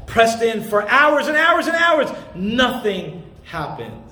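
In a very high, sing-song voice, an impassioned male pastor preaches a sermon slowly yet with hardly any pauses. He stresses his points emphatically, at times rising to shouts, and his voice rings through an echoey room.

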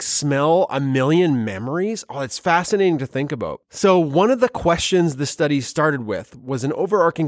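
A man's voice: fairly high pitch, dry recording, studio quality. A man hosting a science podcast, chatting casually and joking, with playful put-on quotes. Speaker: podcast host.

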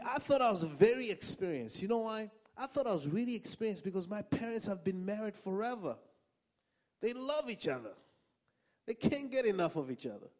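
Brief: male preacher from Africa, slightly high voice, animated and funny, repeats for punch. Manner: animated, humorous storytelling with emphatic repetition. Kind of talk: sermon.

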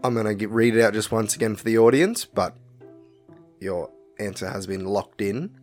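A man's voice: fairly low pitch, darkish tone, faint music behind. A man co-hosting a casual podcast, reading quiz questions and answer options aloud with chatty asides. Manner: reads options slowly and deliberately, chatty asides. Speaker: podcast co-host and quizmaster.

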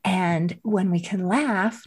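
A woman's voice: medium pitch, takes it slowly, a little mellow, husky. A woman hosting an interview, enthusiastic and affirming as she reflects on what her guest said. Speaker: host. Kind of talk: warm interview conversation.

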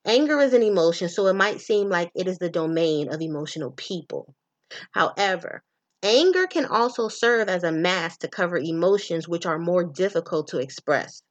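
A woman hosting a podcast, speaking in a casual, profane, animated monologue about relationships and addressing her listeners directly. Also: fairly low pitch, normal speed, highs cut off.

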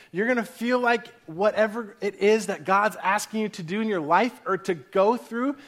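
Pastor guy in his 30s, kinda high voice, preaching loose and chatty, doing little voices for his kids. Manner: casual storytelling, acts out voices of kids and God. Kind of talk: sermon.

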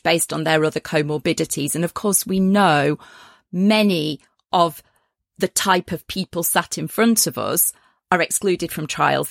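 A woman clinician co-hosting a podcast, explaining in a warm, engaged way with a few fillers. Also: on the low side, no room sound, studio quality. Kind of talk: casual podcast chat.

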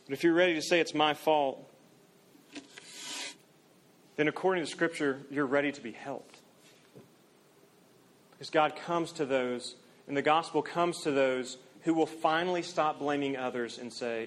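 A young man preaching a sermon to students, earnest, swinging from loud emphasis to near-quiet confession. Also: on the high side, fairly even intonation, fairly quick, slight background noise. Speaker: campus minister.

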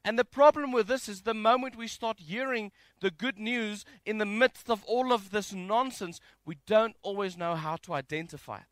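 A man giving a conversational sermon from home, reading scripture and mixing in jokes with an animated delivery. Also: high voice, moderate pace, hardly any pauses, no echo. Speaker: preacher. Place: home, during isolation.

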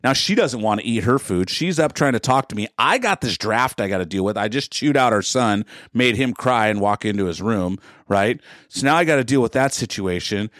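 A man's voice: a little fast, few pauses, no echo, studio quality. A man in his thirties co-hosting a podcast, telling a long rambling story in casual chat, his voice jumping up when he gets exasperated. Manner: animated, rambling, jumps up in pitch when exasperated. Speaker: podcast co-host.

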